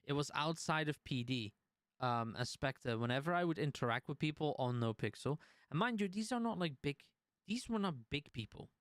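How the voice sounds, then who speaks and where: Smooth, dry-voiced man talking casually. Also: a little high, lively intonation, normal speed, no room sound. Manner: conversational, restarts and swears while telling a story. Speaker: streamer. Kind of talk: casual stream talk.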